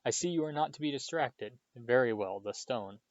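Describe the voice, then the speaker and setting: A man voicing a calm, kindly old male headmaster wizard who speaks gently and wryly, in a storybook reading. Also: medium pitch, no echo, muffled recording, lightly acted. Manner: gentle, measured and wry.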